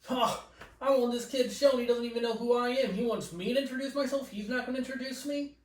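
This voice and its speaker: A man's voice: very high voice, takes it slowly, fairly bright tone, roomy sound, distant mic, pitched above the performer's own voice, full character voice. A man putting on the voice of a grumpy, condescending older male wrestling manager. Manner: condescending, dismissive.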